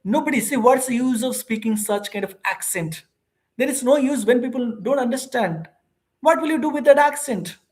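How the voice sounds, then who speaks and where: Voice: mid-range voice, normal speed. A speaker with an Indian English accent, an English teacher who chats casually on a live stream and answers viewer comments with frequent hesitations. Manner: chatty and animated, reads and answers viewer comments, frequent "uh" fillers.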